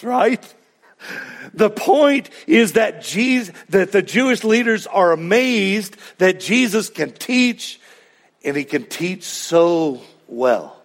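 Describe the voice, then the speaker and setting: A pastor preaching a sermon in a conversational way, with asides and questions to the congregation. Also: male voice, high voice, creaky.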